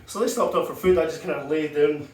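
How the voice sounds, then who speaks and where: A young comedian with a slightly high voice tells crude, self-mocking stories at an open mic. His voice carries from the stage through a handheld mic. The recording comes from far back in a boomy club, with room noise around him. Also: fast, darkish tone, echoey room. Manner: self-deprecating, crude storytelling with laughs. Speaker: stand-up comedian. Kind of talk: open-mic stand-up set. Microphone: handheld corded mic, recorded from far.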